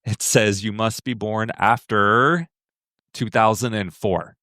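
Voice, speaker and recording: A man's voice: lowish voice, fairly even intonation, slow, pushed and bright, no echo. A man in his thirties from the United States co-hosting a podcast in casual chat, with a dry, teasing wit. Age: 30s. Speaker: podcast co-host.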